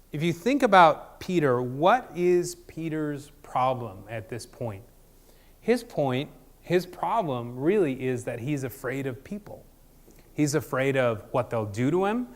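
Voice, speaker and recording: A man preaching a casual sermon, conversational and jokey, with many ums and restarts. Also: mid-range voice. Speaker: pastor.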